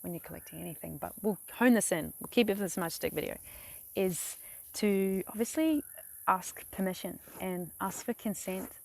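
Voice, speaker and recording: A woman's voice: medium pitch, normal speed, vocal fry. A young woman from New Zealand with a New Zealand accent, chatting casually in a how-to vlog, rambling with lots of fillers, recorded outdoors beside a lake. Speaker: craft vlogger.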